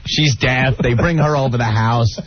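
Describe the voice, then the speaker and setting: A man's voice: mid-range voice, normal speed, slight background noise. A man co-hosting a radio show, telling comic stories in an exasperated, laughing way. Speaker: radio co-host. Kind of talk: radio banter, comic storytelling. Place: radio studio. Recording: slightly muffled radio broadcast recording.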